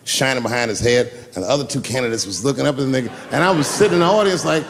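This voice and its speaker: Gravelly-voiced man telling a stand-up story. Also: mid-range voice, racing, a little hiss or hum. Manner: loose, profane, acts out quoted people. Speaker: stand-up comedian. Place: live comedy stage.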